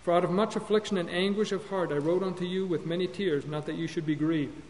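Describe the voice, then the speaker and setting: A man with a fairly high voice delivers a lecture-style sermon on counseling, earnest and deliberate. He restarts phrases and corrects himself mid-thought, slowing down to stress key words. The room adds a long hall reverb over a faint background hum. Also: steady tone, a little mellow. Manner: earnest teaching, with repeated words and self-corrections. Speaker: Bible teacher on counseling.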